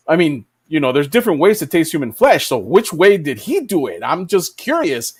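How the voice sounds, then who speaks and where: A man telling a story on a casual podcast over a video call, animated and swearing freely. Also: fairly high pitch, a little fast, hardly any pauses, husky. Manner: animated, swears freely, voices his own disbelief. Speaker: podcast co-host.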